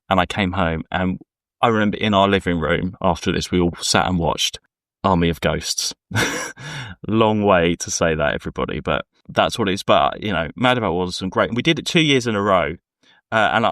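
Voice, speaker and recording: A man's voice: deep voice, fairly bright tone, no echo, clean studio sound. A man co-hosting a podcast, chatting casually and rambling through anecdotes while acting out the people he quotes. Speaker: podcast co-host. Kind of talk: casual chat.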